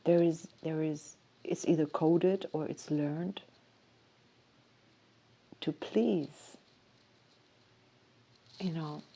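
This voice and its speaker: Soft-spoken woman musing dreamily. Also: low voice, steady tone, extremely slow, long pauses. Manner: dreamy, rambling, soft-spoken with self-interruptions. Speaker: host. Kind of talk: casual musing monologue.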